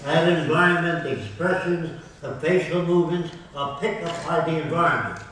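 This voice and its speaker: A man's voice: a little high, normal speed, a bit bright. An older man giving a public lecture in a university hall, speaking in emphatic, declarative statements and running through lists. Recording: very echoey hall, recorded from far off.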